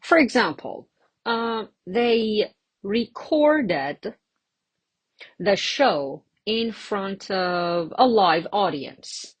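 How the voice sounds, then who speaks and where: A woman teaching an English pronunciation lesson, slow and patient, explaining with examples and pauses. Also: medium pitch, expressive, slightly rough, no room sound.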